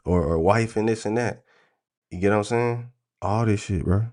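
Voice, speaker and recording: A man hosting a livestream, talking in a blunt, crude, animated rant full of profanity. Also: fairly low pitch, moderate pace, long pauses. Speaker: trading stream host.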